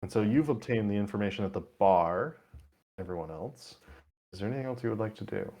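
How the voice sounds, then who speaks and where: Game master, male, lowish voice, laid-back narration. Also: fairly quick, dark tone.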